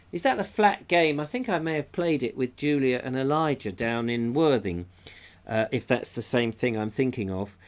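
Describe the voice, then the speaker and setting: A man's voice: on the high side, a bit bright. A middle-aged man hosts a live show in a chatty, rambling way. He often stops to correct himself as he goes. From England. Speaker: show host reading out viewers' photos. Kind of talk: casual live show chat.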